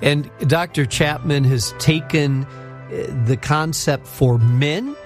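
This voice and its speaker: A man hosting a radio interview, asking questions and pitching a book to listeners. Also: takes it slowly, faint music behind. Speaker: radio show host.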